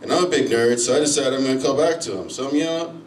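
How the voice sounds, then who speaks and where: A man's voice: medium pitch, quick pace, a little hiss or hum. A man doing a stand-up comedy set, telling crude, self-mocking stories. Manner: crude, self-mocking storytelling with loud owl-call yells. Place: comedy club stage. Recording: echoey club from far off. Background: crowd laughter.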